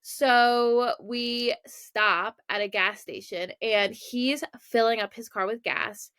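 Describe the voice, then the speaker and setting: A woman's voice: fairly high pitch, steady tone, takes it slowly, fairly bright tone, clear, resonant tone, no room sound. Young woman podcast host rambling thru a story, self-mocking, dry close sound. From Maryland, USA. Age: young adult. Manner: chatty, many likes and asides, self-mocking. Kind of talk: casual storytelling.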